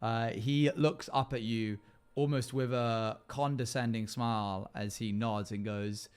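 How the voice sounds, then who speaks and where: A man, running a tabletop game on a livestream as game master, narrating slowly and deliberately with casual asides to his chat. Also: mid-range voice, fairly even intonation, clear, resonant tone.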